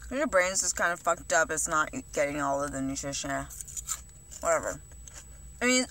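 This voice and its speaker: A woman's voice: deep voice, lively intonation, normal speed, bright, forceful tone, a little hiss or hum. A young woman vlogging in a rambling, confessional way, swearing a lot and filling her talk with "like" and "you know". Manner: rambling, heavy swearing, many fillers. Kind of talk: casual confessional vlog.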